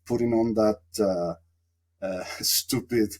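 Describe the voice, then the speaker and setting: A man's voice: lowish voice, slow pace, darkish tone. A man from Mexico, a podcast guest telling a long, reflective story with lots of fillers. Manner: reflective, rambling with many fillers. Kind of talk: casual storytelling interview.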